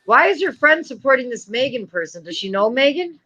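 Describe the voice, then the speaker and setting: Sharp-toned streamer reading chat; muffled, lo-fi audio. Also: high voice, big pitch swings, fairly quick.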